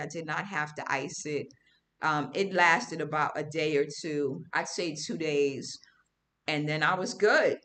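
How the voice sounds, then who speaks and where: A woman hosting a livestream, telling a story to her viewers in casual, animated, slangy talk. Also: lowish voice. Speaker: livestream host. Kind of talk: casual storytelling to a live audience.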